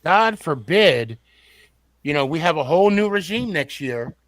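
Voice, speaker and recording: A man's voice: on the high side, animated, unhurried, noisy background. A man hosting a casual sports podcast, often repeating and restarting words as he builds his point.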